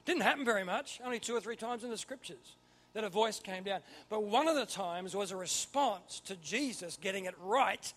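A man preaching a sermon, swinging from quiet asides to loud emphatic bursts. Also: sits high, expressive, normal speed. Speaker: pastor.

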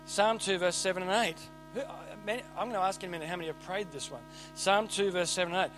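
A man preaching a sermon, animated and emphatic, swinging between loud and quiet. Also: high-pitched, fast talker, faint music behind, poor audio.

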